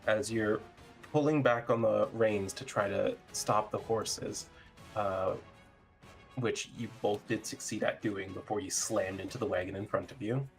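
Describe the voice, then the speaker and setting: A man narrating a tabletop game as game master, relaxed, with fillers and chuckles. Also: fairly low pitch, a little slow, creaky, faint music behind.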